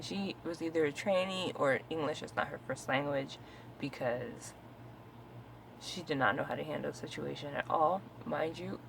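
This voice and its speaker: A woman's voice: sits low, vocal fry, slight background noise, low-quality recording. A woman vlogger telling a story at home in a casual, exasperated, profane venting rant.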